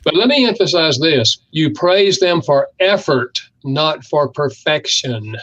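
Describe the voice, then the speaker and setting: A man's voice: a little high, expressive, measured pace, lo-fi sound. An older man, an author and speaker, explaining ideas as an interview guest and acting out quoted lines with a lifted voice. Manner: warm storytelling, acts out quoted lines with a lifted voice.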